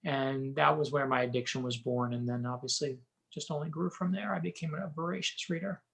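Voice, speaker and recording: Middle-aged male author, lively anecdotal interview guest, voice on the higher side. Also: fairly quick, creaky. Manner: animated anecdotal storytelling. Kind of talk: interview storytelling.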